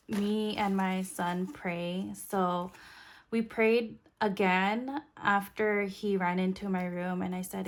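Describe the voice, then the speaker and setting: A young woman vlogger telling a spooky story in a soft, unhurried way while counting cash into a budget binder. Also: mid-range voice.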